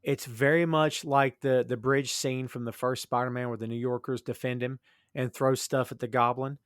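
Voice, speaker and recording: A man's voice: medium pitch, fairly even intonation, normal speed, dry recording. Laid-back cohost guy, mid voice, agrees a lot, calls people man and dude, dry sound. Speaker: podcast cohost. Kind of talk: casual podcast chat.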